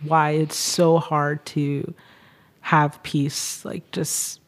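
Low-voiced woman guest, thoughtful, thinking out loud, soft laughs here and there. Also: little pitch movement, extremely slow. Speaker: podcast guest, writer and artist. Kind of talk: reflective conversation.

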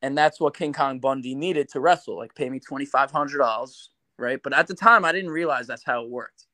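Man, podcast guest, casual animated storytelling, lots of swearing, mid pitch, dry sound. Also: fairly quick, no room sound. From New York. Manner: animated, swears a lot, acts out quoted voices.

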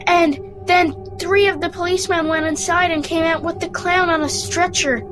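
A woman's voice: extremely high pitch, steady tone, moderate pace. A woman reading a short story aloud carefully, with small stumbles. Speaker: story reader. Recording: music playing underneath.

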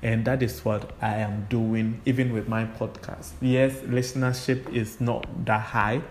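A man hosting a solo podcast, talking in an unhurried, reflective way with frequent fillers. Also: mid-range voice, level tone, a little hiss or hum. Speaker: podcast host.

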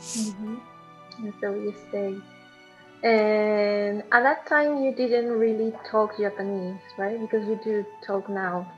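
A woman's voice: mid-range voice, takes it slowly, faint music behind. A woman from Peru hosting a podcast, asking questions in a friendly way and laughing often. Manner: friendly, laughing, short prompts. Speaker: podcast host. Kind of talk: casual podcast interview. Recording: dull lo-fi audio.

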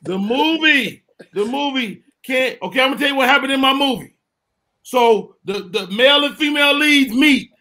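High, bright-voiced man in comic debate. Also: moderate pace. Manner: animated, acting out scenes and shouting quotes. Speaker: podcast co-host. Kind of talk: comedic debate banter.

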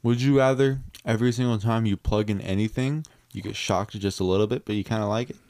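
Rambling, halting man as podcast guest. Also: on the low side, steady tone, a little mellow, dry recording. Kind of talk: casual chat.

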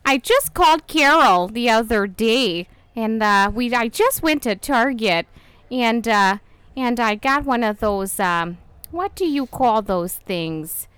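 A woman's voice: on the high side, animated, slow pace, fairly bright tone, smooth, dry recording. A woman voicing a chatty, rambling middle-aged Midwestern woman who keeps searching for her words.

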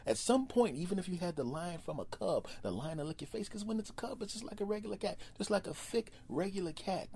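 A man hosting a solo comedy podcast, riffing in an animated, repetitive way. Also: high voice, fast talker, hardly any pauses, a little hiss or hum. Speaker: podcast host.

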